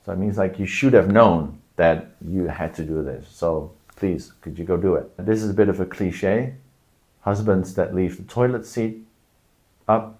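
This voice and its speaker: A middle-aged man teaching language phrases in a casual video lesson, explaining patiently and breaking out into loud acted examples. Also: sits low, normal speed.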